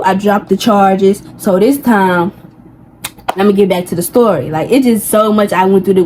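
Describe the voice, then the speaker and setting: A woman's voice: medium pitch, a little mellow, a little hiss or hum, poor audio. Fired-up young woman telling a story. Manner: heated, venting, heavy slang, rambling asides. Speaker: vlogger. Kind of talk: casual storytime rant.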